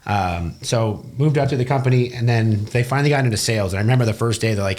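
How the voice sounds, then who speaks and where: A man's voice: mid-range voice, fast talker. A young man, a business owner, telling his career story bluntly and profanely in a casual interview. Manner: blunt and profane, animated retelling.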